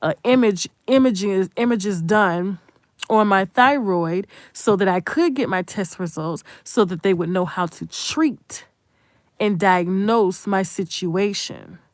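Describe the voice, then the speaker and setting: Taking her time, a woman with a medium-pitched voice hosts an unscripted commentary monologue in studio quality with no echo. She speaks straight to the viewers, emphatic, blunt and profane.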